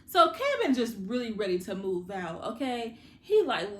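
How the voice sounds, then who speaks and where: A woman's voice: a little high, very animated. Chatty woman recapping a show, roomy sound. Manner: chatty, addresses viewers directly; paraphrases characters in quick asides. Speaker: TV recap host. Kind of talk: casual recap chat. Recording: roomy echo with faint background hum.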